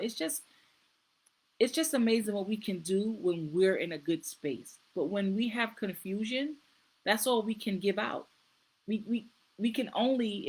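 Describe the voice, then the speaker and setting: A woman's voice: medium pitch, rough recording. Woman, middle-aged, host, casual talk, earnest, repeats phrases. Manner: warm, earnest, repeats herself. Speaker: nurse practitioner. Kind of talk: casual live-stream talk.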